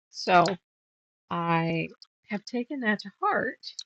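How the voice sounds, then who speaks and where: A woman's voice: mid-range voice, expressive, takes it slowly, pauses often, fairly bright tone, dull audio. A middle-aged woman chatting casually while she quilts, rambling through stories, trailing off and laughing at herself. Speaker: quilting vlogger. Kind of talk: casual chat while sewing.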